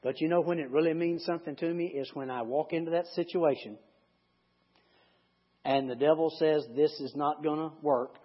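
Male pastor, husky voice, conversational sermon, loud then hushed, dull lo-fi sound. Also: fairly high pitch, steady tone, moderate pace. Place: church sanctuary.

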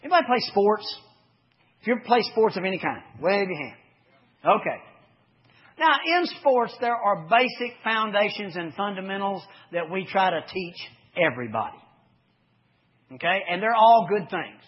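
A man preaching a folksy sermon, swinging from loud to hushed as he tells sports stories. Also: high-pitched, animated, normal speed, slightly rough. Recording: dull lo-fi recording.

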